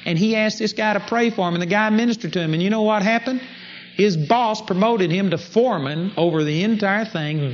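A man preaching a sermon, telling stories and acting out the prayers he quotes. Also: high-pitched. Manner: storytelling, acts out quoted prayers in a raised voice. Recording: dull lo-fi recording with faint ambience.

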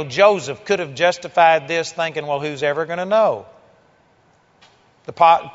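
A male preacher with a high voice delivers a sermon, swinging from hushed passages to loud, driving exhortations. The recording is dull and muffled, with a long echo trailing off the walls of a large church. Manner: forceful, emphatic preaching with sudden loud exhortations.

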